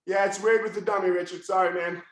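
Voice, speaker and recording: A man teaching a live online jiu-jitsu class, yelling his coaching cues as he walks students through each move. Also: sits high, flat delivery, fast talker, heavy reverb.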